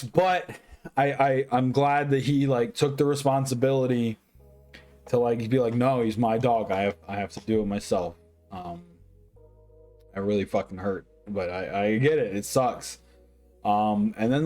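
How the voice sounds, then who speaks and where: A man's voice: medium pitch, darkish tone. A drunk man giving a casual movie review, rambling and profane, full of restarts.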